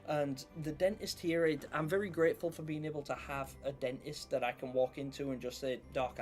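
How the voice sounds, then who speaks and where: A young man hosts a casual live stream, rambling through stories and greeting viewers by name. His voice sits a touch higher than most men's. Faint music plays quietly under the chat. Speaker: livestream host.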